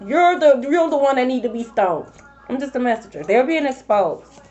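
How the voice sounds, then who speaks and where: A woman's voice: high-pitched, animated, moderate pace, darkish tone. A woman giving a collective tarot reading, blunt and profane, repeating her points for emphasis. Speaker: tarot reader. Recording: dull lo-fi recording.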